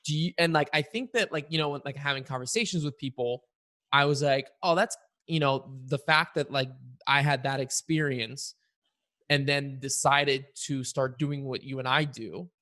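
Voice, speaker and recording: A man's voice: medium pitch, fairly even intonation, moderate pace, bright, forceful tone. A man who grew up between the US and Bulgaria, hosting an interview in a searching, casual way full of "like" and "you know". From United States and Bulgaria. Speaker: podcast host.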